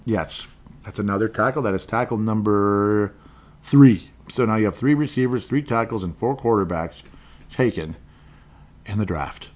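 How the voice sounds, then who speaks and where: A man from Minnesota hosting a podcast, rambling through casual sports talk, going off on tangents, and speaking his mind bluntly. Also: fairly low pitch. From Minnesota, USA. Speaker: podcast host.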